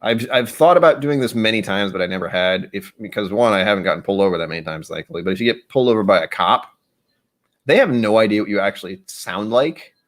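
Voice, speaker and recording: A man's voice: lowish voice, animated, fast talker. Rambling man hosting a whiskey stream. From United States. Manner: rambling and self-interrupting, slipping into playful voices for quoted lines. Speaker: stream host. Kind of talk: casual live-stream chat while tasting whiskey.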